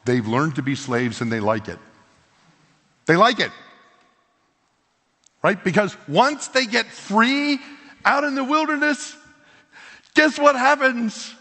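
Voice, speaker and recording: A man's voice: very high voice, a little slow. Man preaching in a reverberant hall. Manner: animated, acts out voices of biblical figures in quotes. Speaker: pastor. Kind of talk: sermon. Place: church sanctuary.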